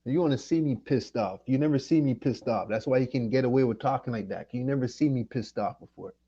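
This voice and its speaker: A man from Jamaica rants on his own channel, profane and fed up, circling back to the same points. He sounds a little loose from liquor and weed. His voice is dark and mellow, and the recording is dull and lo-fi. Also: mid-range voice, fairly quick, husky. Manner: profane, annoyed, repetitive ranting. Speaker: channel host. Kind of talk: livestream rant.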